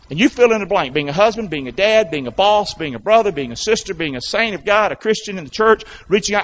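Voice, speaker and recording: A man preaching in a church with a high, lively voice that leaps up and down. He keeps pulling the congregation into call and response, asking them to repeat after him. The recording is dull and lo-fi. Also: brisk. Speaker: pastor. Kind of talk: sermon. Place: church sanctuary. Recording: dull lo-fi sound.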